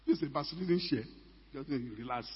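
Older husky-voiced pastor preaching in a hall. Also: male voice, mid-range voice, lively intonation, fairly quick. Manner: emphatic, rhetorical questions to the congregation. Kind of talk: sermon. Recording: echoey hall, dull lo-fi sound.

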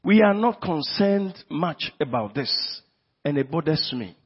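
A man's voice: a little high, animated, unhurried, husky. A man preaching a sermon in a church in a Ghanaian English accent, emphatic and asking his congregation questions. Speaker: pastor. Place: church hall. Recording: dull, lo-fi recording in a reverberant church hall.

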